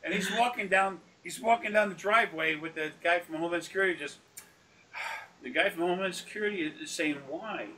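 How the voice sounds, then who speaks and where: A man's voice: high voice, a little fast, pushed and bright. A man telling rambling, profane anecdotes on a recorded consultation, laughing often and acting out the people he quotes. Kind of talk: casual storytelling on a recorded consultation. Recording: distant mic with faint background noise.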